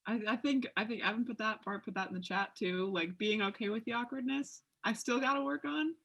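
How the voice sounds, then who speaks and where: A woman joining a video call meeting, speaking softly and casually. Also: a little high, a little fast, creaky, muffled recording. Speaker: meeting participant.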